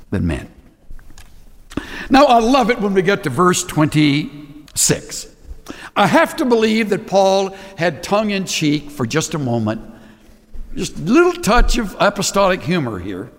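A man preaching a sermon to his congregation, emphatic and animated, acting out little scenes as he goes. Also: on the high side. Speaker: pastor. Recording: long reverb of a large hall.

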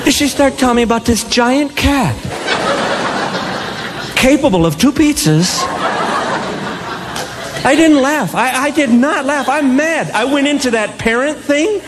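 An older woman doing stand-up, telling her story with animated, mock-indignant energy in a live stage recording with a loud audience. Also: sits high, a little slow, long pauses, over a noisy crowd, very noisy. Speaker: stand-up comedian. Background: loud audience laughter.

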